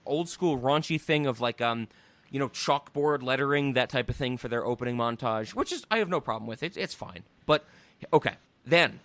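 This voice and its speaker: A man hosting a podcast, retelling a comedy film in an animated, incredulous way. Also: mid-range voice, moderate pace. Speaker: podcast host. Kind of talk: casual chat.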